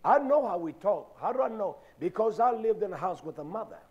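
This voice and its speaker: High-voiced man preaching emphatically. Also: lively intonation, fairly quick, darkish tone, slightly rough, dull audio. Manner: repetitive, emphatic preaching cadence. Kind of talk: sermon.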